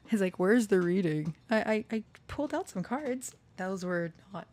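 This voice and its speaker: A woman speaking emotionally in a casual personal talk, nervous and close to tears, laughing softly between thoughts. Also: medium pitch, expressive, unhurried, a little hiss or hum. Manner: sings and half-whispers song lyrics. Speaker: channeler and storyteller.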